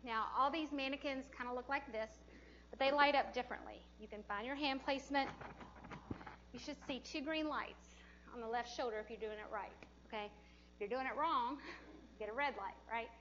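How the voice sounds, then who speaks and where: A woman's voice: sits high, normal speed, fairly bright tone, muffled recording, a little hiss or hum. A woman teaching a hands-on CPR class in a training room, chatty and encouraging, often laughing as she talks. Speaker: CPR instructor.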